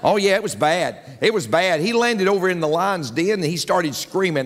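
Folksy preaching pastor in a reverberant hall. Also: male voice, high-pitched, lively intonation, moderate pace, hardly any pauses. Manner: preaching with folksy jokes and call-and-response. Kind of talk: sermon. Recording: long hall reverb with faint music.

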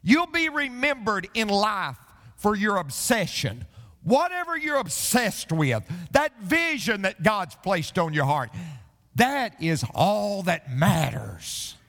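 A man's voice: sits high, big pitch swings, takes it slowly, a bit bright, big-room sound. A male pastor preaching a sermon, telling stories and building to repeated refrains.

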